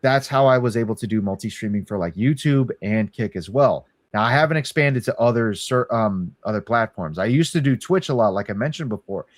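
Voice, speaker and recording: A man's voice: lowish voice, animated, fairly quick, hardly any pauses, no room sound. A young man, chatting casually as a podcast co-host, rambling and swearing between laughs. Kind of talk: casual chat.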